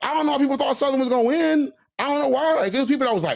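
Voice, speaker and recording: A young man with a high-pitched voice co-hosts a casual sports podcast. His pitch swings widely as he gets animated. He laughs often and drops into a mocking tone when he reads quotes aloud. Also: quick pace, vocal fry. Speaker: podcast co-host.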